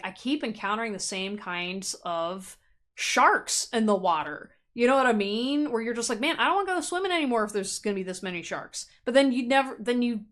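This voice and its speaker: A woman giving a casual pick-a-card tarot reading in a chatty, animated way, laughing often and playfully acting out quoted thoughts. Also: mid-range voice. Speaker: tarot reader.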